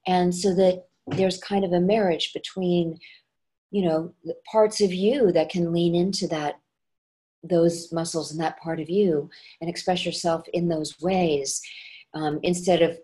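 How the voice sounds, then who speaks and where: A woman who coaches dialects, chatting as an interview guest and jumping into quick acted examples as she explains. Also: fairly low pitch. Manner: animated, acts out voices when giving examples. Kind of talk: casual interview chat.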